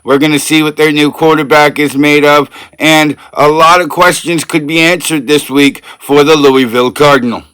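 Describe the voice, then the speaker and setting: A man on his own channel, talking viewers through a college football ranking one team at a time. His voice sits a little high for a man, and he sounds chatty and upbeat. The sound is close and dry, with no room around it. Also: steady tone, moderate pace, hardly any pauses, a bit bright, clean tone, no echo. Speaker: sports channel host. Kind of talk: casual sports ranking commentary.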